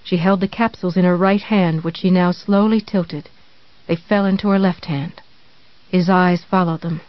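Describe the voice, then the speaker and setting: An audiobook narrator reads a novel in a measured, even storytelling voice. The sound is dry and close, with a slightly dull recording. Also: medium pitch, no echo. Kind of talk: scripted narration.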